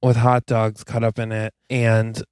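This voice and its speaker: A man chatting on a podcast in a deadpan, sarcastic way, his voice sitting at an average pitch. He tells stories by retelling what others said. The recording is close and dry. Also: measured pace, smooth, no room sound. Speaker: podcast co-host. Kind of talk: casual chat.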